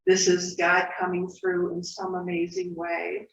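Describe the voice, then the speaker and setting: A woman's voice: fairly low pitch, completely flat delivery, unhurried, vocal fry, fairly bright tone, far from the mic. Woman speaker delivering a chatty story-driven sermon, dull roomy recording with faint noise. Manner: conversational storytelling with asides. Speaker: speaker at a spiritual center. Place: spiritual center hall.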